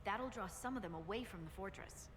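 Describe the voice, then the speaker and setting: An actress voicing a brisk, matter-of-fact female scout in a video game. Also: mid-range voice, lightly acted. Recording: echoey, noisy game audio.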